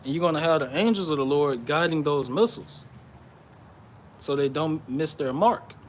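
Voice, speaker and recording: A man giving an informal sermon on prophecy, reading scripture aloud and explaining it, often checking in with "okay?" and "all right?" and pausing with "uh". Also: a little high, a little hiss or hum. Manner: pauses with "uh" and restarts. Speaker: bible teacher.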